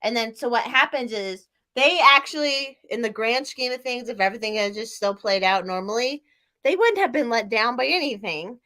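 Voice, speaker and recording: A woman chatting on a casual podcast, a little tipsy and rambling freely. Her voice sits a bit high and sounds bright and forceful, broken up by frequent laughs and a steady stream of "like.". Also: moderate pace. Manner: rambling, laughs often, lots of "like". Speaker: podcast co-host. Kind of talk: casual chat.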